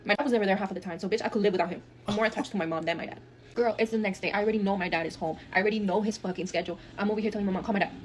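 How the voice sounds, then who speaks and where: A young woman from Texas telling a wild family story in a fast, profane, animated way, acting out the dialogue. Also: mid-range voice, a little hiss or hum. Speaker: guest storyteller. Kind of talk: casual storytelling.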